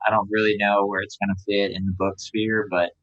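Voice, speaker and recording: Man, founder, casual interview chat, filler-heavy, low voice, lo-fi sound. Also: brisk. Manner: relaxed, filler-heavy, lots of "um" and "like". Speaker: startup founder and writer.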